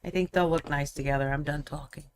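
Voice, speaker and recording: A woman's voice: low voice, steady tone, fast talker, slight background noise. A young woman hosting a live miniature-painting stream, chatting casually and teasing her co-host while she paints. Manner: chatty, teasing, laughs often.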